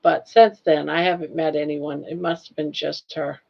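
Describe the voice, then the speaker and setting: Heard with a lo-fi sound, an older woman with a low-pitched voice, vocal fry, and fairly even intonation hosts a casual livestream. Chatty and folksy, she reads viewers' comments out loud, drawing each name out slowly.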